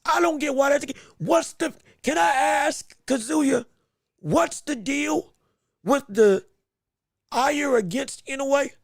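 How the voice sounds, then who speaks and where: A man with a very high, gravelly voice hosts a casual livestream show. He talks excitably and rambles, repeating words. The sound is dry and close. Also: takes it slowly, no echo. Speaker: boxing podcast host.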